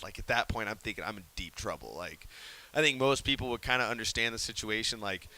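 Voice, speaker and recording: A man recounting a story in a casual interview, his voice bright and forward. He is animated and laughs often, dropping into hushed whispers when he acts out what he said. A faint hiss sits under the recording. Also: lowish voice, fairly quick.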